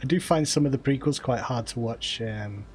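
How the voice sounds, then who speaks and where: A man chatting casually while streaming a video game, relaxed and wry. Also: medium pitch, moderate pace, a little hiss or hum. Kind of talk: casual gaming livestream chat.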